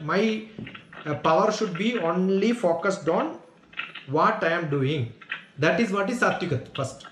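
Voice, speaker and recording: High-voiced man teaching in an echoey room. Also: a bit bright. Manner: earnest, explanatory, asks "Got it?" to check understanding. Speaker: spiritual teacher answering questions. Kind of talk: question-and-answer teaching.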